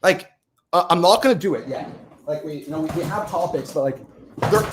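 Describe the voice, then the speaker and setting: A man, a game studio founder from Canada, explaining his business on a casual podcast, animated and a bit boastful. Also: on the high side, a little hiss or hum. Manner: animated, quick to laugh, boastful.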